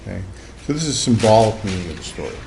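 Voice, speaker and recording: A man's voice: fairly low pitch, lively intonation, fast talker, creaky, noisy background. A man giving a classroom lecture as a psychology professor, loose and conversational, with many fillers and asides.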